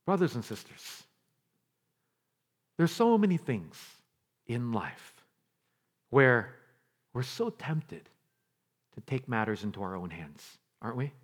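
A male pastor delivers a dramatic sermon in a husky, medium-pitched, sing-song voice, speaking slowly and pausing often. He swings between loud passages and hushed near-whispers, tossing casual asides to the congregation.

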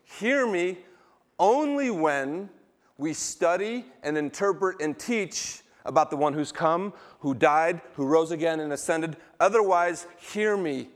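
A man's voice: on the high side, lively intonation, slow pace. A middle-aged male pastor preaching a sermon, emphatic and quizzing the congregation with questions as he reads scripture.

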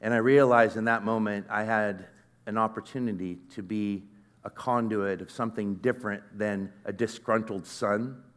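A middle-aged man preaching to a conference crowd as he tells a personal story. His voice sits on the low side, and he talks in an earnest, conversational way. He gets loud at moments and then drops to a near hush. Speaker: conference speaker. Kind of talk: sermon.

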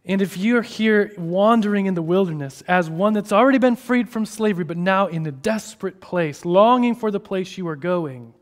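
A man preaching a sermon, moving between hushed, drawn-out phrases and raised, emphatic ones. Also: high voice. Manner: expressive, shifting between hushed and raised delivery.

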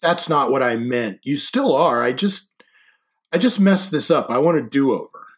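A nervous, earnest teenage boy who fumbles his words and pleads, as a man reads him aloud. His tone is husky and breathy, sitting a little above the reader's usual register. He sounds like a character in an audiobook. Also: medium pitch, lively intonation, normal speed, pitched above the performer's own voice, close to an everyday voice.

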